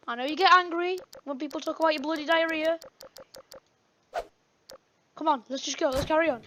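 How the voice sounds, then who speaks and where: A woman vlogging a pretend spooky adventure, swinging dramatically between hushed whispers and excited shouts. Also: high voice, a little fast, long pauses, lo-fi sound.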